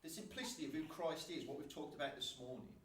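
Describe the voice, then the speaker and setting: A man telling a lively personal story at a church gathering, laughing often. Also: a little high. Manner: animated, laughs often, fast and chatty. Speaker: church member sharing a story. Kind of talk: casual storytelling testimony. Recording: echoey hall from a distance, faint noise.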